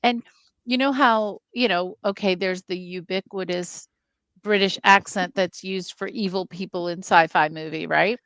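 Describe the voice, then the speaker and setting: A woman co-hosting a film podcast, chatting in an animated, emphatic and opinionated way. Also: fairly low pitch, a little slow, no echo. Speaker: podcast co-host. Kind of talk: casual chat.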